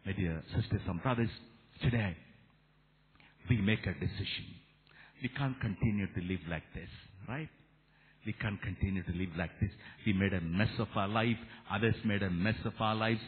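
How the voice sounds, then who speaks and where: A man from India preaching a sermon as a Catholic priest, animated, asking rhetorical questions of his listeners. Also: on the low side, moderate pace. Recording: echoey hall over a tinny narrow line.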